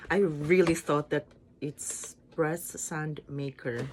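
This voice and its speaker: A woman's voice: deep voice, fairly even intonation, takes it slowly, slight background noise. A Filipino woman vlogger chatting casually as she unboxes gifts at home, giggling and playful. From Philippines. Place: home in Japan.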